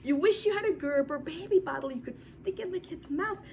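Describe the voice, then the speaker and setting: A woman from New York giving a lecture to a women's class, dramatic, swinging between loud emphasis and near whispers, repeating words for emphasis. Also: extremely high pitch, brisk, a little hiss or hum. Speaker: Torah lecturer.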